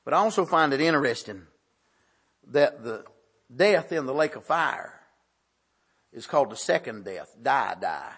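A man preaching a sermon, punctuating points with "amen" and swinging between soft asides and loud emphatic calls. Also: a little high, lively intonation, moderate pace, long pauses, husky.

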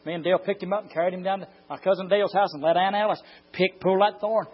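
A pastor with a drawl delivers a fiery sermon in a husky, raised voice. He drops low, then stretches his words into long shouts. The recording sounds dull and lo-fi. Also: fairly even intonation. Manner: swings from low talk to drawn-out shouting.

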